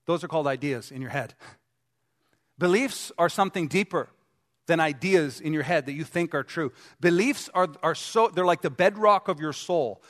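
Male pastor, chatty sermon delivery with questions to the room, a touch high-pitched, reverberant gym. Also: fairly bright tone. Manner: conversational, asks the congregation questions. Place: gym used as a church hall. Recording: long hall reverb.

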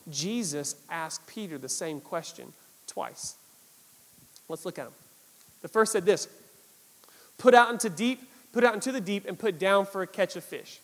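A male pastor preaching a sermon, animated, with lots of repetition for emphasis. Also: sits high, big-room sound.

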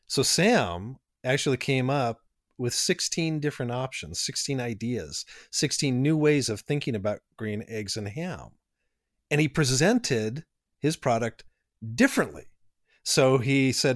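A man co-hosting a casual podcast, explaining ideas in an energetic, teacherly way and building long lists of examples. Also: mid-range voice, measured pace, no room sound, studio quality. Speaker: podcast co-host.

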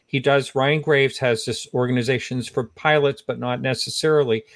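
A man's voice: medium pitch, steady tone, normal speed, no room sound, clean studio sound. A man hosting an interview, sympathetic and rambling, with many fillers as he asks his questions. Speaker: podcast host. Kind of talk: casual interview talk.

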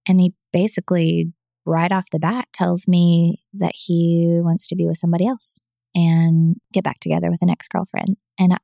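A woman's voice: on the low side, level tone, normal speed, creaky, mellow, no room sound, studio quality. A woman telling her personal story as a podcast guest, speaking earnestly and with emotion. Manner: acts out quoted voices. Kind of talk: personal testimony in an interview.

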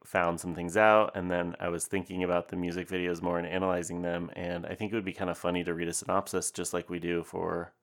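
A man's voice: low-pitched, flat delivery, fast talker, hardly any pauses. A young man co-hosting a podcast, chatting casually with a joking, rambling, self-deprecating manner. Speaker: podcast co-host.

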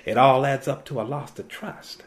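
A man's voice: mid-range voice, normal speed, close to an everyday voice. A man playing a stern man calling out a thief. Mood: accusing. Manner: accusing, forceful. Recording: roomy echo.

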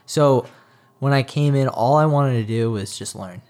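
A man's voice: medium pitch, moderate pace, a little mellow. Earnest young man, casual chat. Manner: earnest, talks with many "like" fillers. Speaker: triathlete guest.

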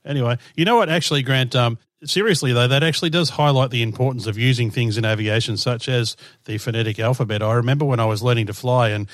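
A man's voice: mid-range voice, fast talker, hardly any pauses, no echo. A man in his fifties with an Australian accent, co-hosting a podcast in a chatty, self-mocking way and laughing often. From southern Australia. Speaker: podcast co-host. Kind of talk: casual chat.

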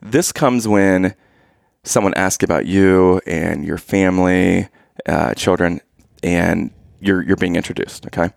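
A man's voice: low voice, a little slow, creaky, no room sound, clean studio sound. A man telling dad jokes to his wife and laughing at his own punchlines in a playful, casual way. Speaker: joke-telling husband. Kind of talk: casual dad-joke storytelling.

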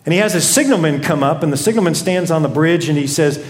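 Speaking a little fast and barely pausing, a male pastor with a higher voice and big pitch swings preaches through stories and repeated rhetorical questions. It's recorded in an echoey space.

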